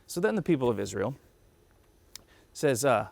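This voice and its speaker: A man's voice: lowish voice, a little fast, creaky, a little mellow, no echo. A man in his thirties preaching a conversational sermon, telling stories in a self-deprecating way. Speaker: pastor. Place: church during lockdown livestream.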